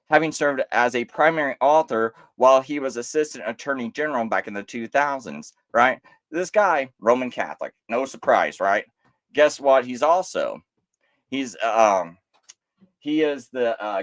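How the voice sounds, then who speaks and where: A man's voice: medium pitch, a bit bright, dry recording. A man hosting a live stream, giving impassioned commentary full of rhetorical questions, restarts and mocking quoted voices.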